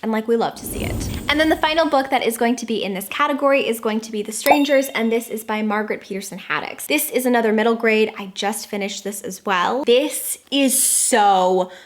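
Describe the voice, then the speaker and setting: A woman's voice: fairly high pitch, fast, hardly any pauses. An American woman giving enthusiastic, casual book recommendations, stretching words for emphasis. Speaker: book reviewer.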